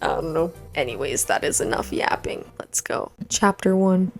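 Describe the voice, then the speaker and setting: A woman's voice: low voice, lively intonation, moderate pace, gravelly, a little mellow, soft background music. A young woman vlogging casually, reading a book aloud on camera with slangy, swearing asides and laughs. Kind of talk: casual vlog chat and dramatic reading.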